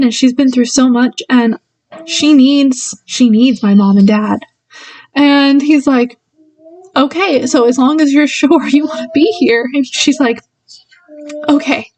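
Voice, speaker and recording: Rambling high-voiced woman reviewing a book. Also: darkish tone, no echo, recorded from a distance, low-quality recording. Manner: rambling retelling with many fillers and laughs. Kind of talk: casual book review chat.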